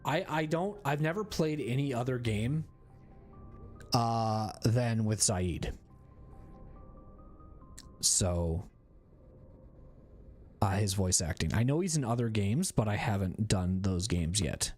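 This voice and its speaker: A man's voice: on the low side, expressive, slow, long pauses, darkish tone, faint music behind. A man streaming a video game, chatting casually in a rambling, cursing way. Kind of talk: casual gaming commentary.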